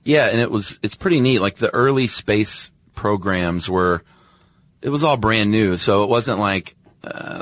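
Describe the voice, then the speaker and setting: A man co-hosting a casual podcast chat, eager and chatty, quick to laugh. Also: lowish voice, expressive, fairly bright tone, dry recording. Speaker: podcast co-host.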